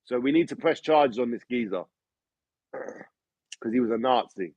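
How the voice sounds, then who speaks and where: A man's voice: medium pitch, lively intonation, measured pace, darkish tone, no echo. A man ranting in an opinionated monologue, swearing and firing off rhetorical questions. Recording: dull lo-fi recording.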